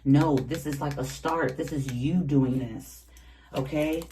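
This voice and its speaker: A tarot reader giving a casual, animated reading straight to the viewers, talking in loose slang and laughing often. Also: medium pitch, slow pace, very noisy.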